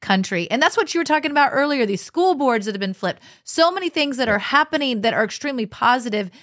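A woman's voice: sits high, lively intonation, fast, a bit bright, dry recording, clean studio sound. A woman co-hosting a political talk show, enthusiastic and affirming.

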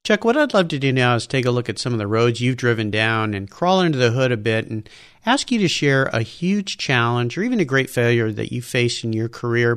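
A male host asks his questions with a lively, up-and-down intonation. He encourages his guest warmly. The recording is dry and close, with no echo. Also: medium pitch, clean tone. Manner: encouraging, affirming. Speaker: interview host. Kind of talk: conversational interview.

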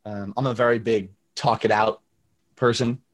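A man's voice: on the low side, fairly even intonation, moderate pace. A young man talking casually in a video call interview, chatty and storytelling, with many fillers and acted-out quotes. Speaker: singer-songwriter guest.

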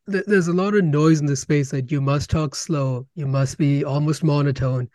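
A man hosting a podcast interview, asking questions in an excitable way and often repeating words as he starts a sentence. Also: fairly high pitch, moderate pace, no echo. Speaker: podcast host.

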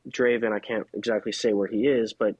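A man's voice: fairly low pitch, steady tone, brisk, a little mellow, breathy edge, highs cut off. A man from the United States, a freelance journalist and podcast guest, speaking candidly and thinking aloud with restarts. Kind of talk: casual podcast conversation.

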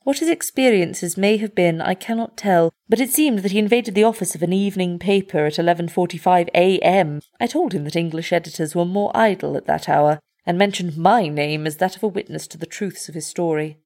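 A woman reading a literary story aloud as audiobook narration, in a measured, descriptive manner. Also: on the low side, darkish tone. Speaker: audiobook reader.

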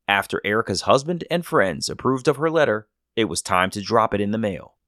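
A man's voice: lowish voice, lively intonation, a little fast, fairly bright tone, no echo, studio quality. A man hosting a podcast, narrating the story and reacting with short interjections. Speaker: host.

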